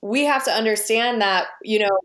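A woman's voice: a little high, moderate pace, a bit bright. A woman speaking as a podcast guest, earnest and reflective, talking in long flowing runs. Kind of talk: conversational interview. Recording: roomy, echoey sound.

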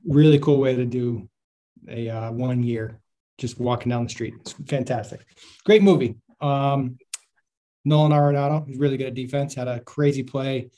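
Man, podcast co-host, warm mellow voice, relaxed questioning chat. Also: medium pitch. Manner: easygoing, asks questions, drawn-out fillers. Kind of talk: casual chat about baseball.

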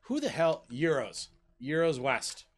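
A man co-hosting a casual gambling stream, loud and rambling, swearing freely as he chats with friends. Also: a little high, very animated, unhurried. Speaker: podcast co-host. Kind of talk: casual banter while playing slots.

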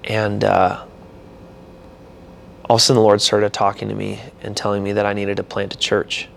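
A young man, a pastor and church founder, telling his story in a casual interview, animated and slangy, acting out his own reactions. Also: fairly low pitch, moderate pace, creaky, slight background noise.

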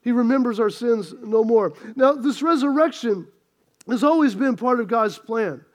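A middle-aged man with a very high voice preaches a sermon. He talks in a chatty, self-deprecating way and slips into a humorous personal story. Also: normal speed. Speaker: pastor.

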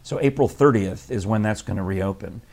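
A man's voice: lowish voice, moderate pace, a little mellow. A man with a scratchy throat from allergies, co-hosting a casual radio chat, rambling and laughing often. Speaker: radio show co-host. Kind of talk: casual morning-show chat.

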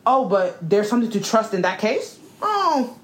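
A woman's voice: medium pitch, a little fast. A young woman talking in a blunt, profane, sarcastic casual chat as co-host.

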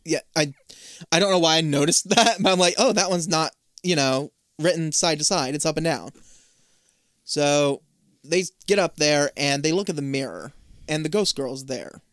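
A man co-hosting a casual chat, recapping an episode in an animated way and acting out the characters' lines. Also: a little high, moderate pace, no room sound, studio quality. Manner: animated storyteller acting out quotes. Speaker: podcast co-host.

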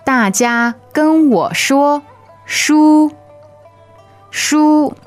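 Very slow, high-voiced woman co-host. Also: soft background music. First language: Chinese. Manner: slow, careful model pronunciation. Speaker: podcast co-host. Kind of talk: language lesson podcast.

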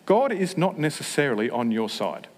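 A man preaching a sermon, humorous and self-mocking, with animated asides. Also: fairly high pitch, moderate pace, a little hiss or hum. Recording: long hall reverb.

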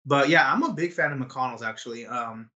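A man co-hosting a casual podcast, talking in a relaxed, rambling way with lots of fillers. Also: mid-range voice, fairly quick, lo-fi sound. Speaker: podcast co-host. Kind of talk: casual chat.

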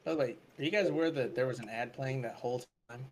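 A man's voice: mid-range voice, fast talker. A man plays a tabletop game with friends, joking and scheming. Faint hiss sits behind his voice. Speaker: player. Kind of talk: casual tabletop game chat.

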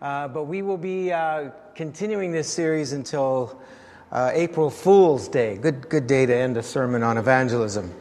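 A man's voice: mid-range voice, moderate pace, darkish tone. A middle-aged man preaching a sermon as pastor, conversational and full of anecdotes. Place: church sanctuary. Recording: long church reverb.

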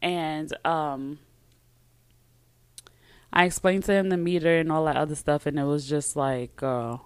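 A woman with a lowish voice talks on her own as a podcast host. She is chatty and emphatic, and she trails off and starts over. The sound is close and dry, with no room around it. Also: fairly even intonation, measured pace, clean tone, no room sound. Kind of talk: casual solo talk with a read sponsor ad.

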